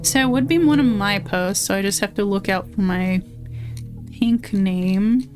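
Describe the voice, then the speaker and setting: A woman's voice: mid-range voice, a little slow, a little mellow. A young woman streaming, chatting casually, swearing freely and reading chat aloud. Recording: faint music behind.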